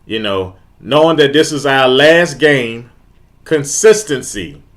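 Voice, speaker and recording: The host of a fan live stream runs a casual sports talk, repeating himself in frustrated, emphatic bursts. His medium-pitched voice is expressive and fairly bright, and he takes it slowly.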